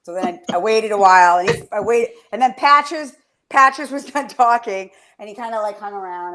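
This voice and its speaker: A woman co-hosting a show in casual chat, excitable and rambling as she tells stories. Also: mid-range voice, a little fast, noisy background. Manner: bubbly, excitable, rambling storyteller. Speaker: podcast co-host.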